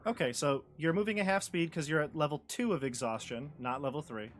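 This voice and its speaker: A man's voice: on the high side, brisk, slight background noise. A man acting as dungeon master over a video call, explaining rules in an easygoing, patient way. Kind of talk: running a tabletop game over a video call.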